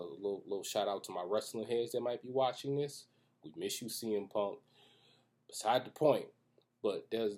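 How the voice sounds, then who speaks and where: A man's voice: mid-range voice, a little mellow. A man, giving a loose preaching talk to camera, joking in asides and restarting his sentences. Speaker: Christian video commentator. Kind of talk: casual preaching monologue. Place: room with echoey acoustics.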